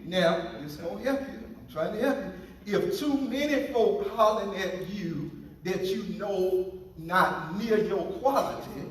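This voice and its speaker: High-voiced joking pastor in a roomy hall. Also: male voice, unhurried, distant mic, slight background noise. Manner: playful, joking with the congregation. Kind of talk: sermon.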